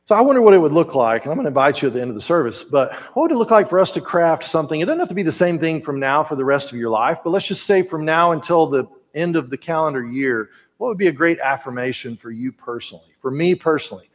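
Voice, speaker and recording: A man's voice: a little high, animated, quick pace, few pauses. A man with a Texan accent preaching a conversational sermon as pastor, talking with frequent restarts. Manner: conversational, warm storytelling with many restarts. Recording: church sanctuary with long reverb.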